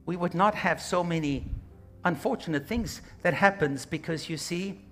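A man's voice: high-pitched, normal speed, soft background music. A male pastor preaching a sermon, exhorting his church and calling for amens, slipping into quoted voices. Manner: animated, slips into quoted voices.

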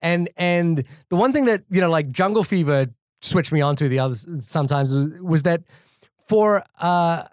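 A man from India chatting casually about a film as a podcast host, animated and full of restarts and fillers. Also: on the high side, normal speed, no echo, clean studio sound. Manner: animated, thinks aloud with many restarts and fillers.

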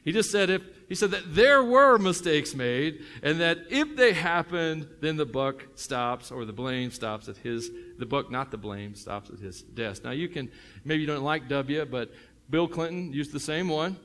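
A man's voice: on the high side, expressive, unhurried, a bit bright, a little hiss or hum. A middle-aged man with a Tennessee accent, a pastor preaching a sermon in a joking, conversational way with many fillers and restarts.

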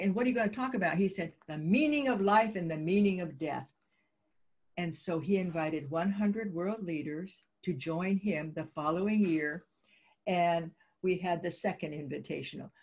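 A woman guest in an interview, telling lively anecdotes and acting out the dialogue of the people in them. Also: on the low side. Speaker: guest, peace advocate. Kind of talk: interview storytelling.

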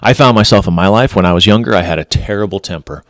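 A middle-aged man with a lowish voice talks straight to the listener about relationships, drawing on his years as a police officer. He is blunt and emphatic and hammers home his points by saying them twice. The sound is dry and close, with no room around it. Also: fast talker, a bit bright, no echo. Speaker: former police officer giving relationship advice. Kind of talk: earnest direct-to-camera advice talk.

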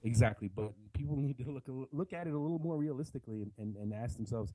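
A man's voice: medium pitch, quick pace, dark tone, rough recording. A man co-hosting a soccer podcast in casual chat, giving opinionated takes with many restarts. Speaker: podcast co-host.

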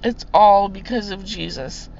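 A woman's voice: mid-range voice, a little slow, gravelly, a little mellow. A young woman hosting a podcast, giving an earnest, preachy faith testimony and growing tearful at times. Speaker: podcast host sharing her testimony. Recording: slightly dull lo-fi sound with faint hiss.

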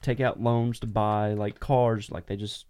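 A man's voice: fairly low pitch, flat delivery, a little slow, darkish tone, smooth. A man co-hosting a casual podcast chat, hesitant and full of fillers. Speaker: podcast co-host.

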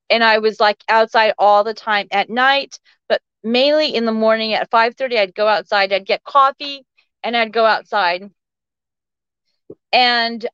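A fairly high-pitched woman in her forties tells her story with lively energy, jumping into the voices of the people she quotes. Her voice is smooth and resonant, but the recording sounds a little dull and muffled, with no room echo. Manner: acts out the quoted voices of others with shifts in pitch. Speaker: podcast guest. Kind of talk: animated personal storytelling. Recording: slightly muffled dry recording.

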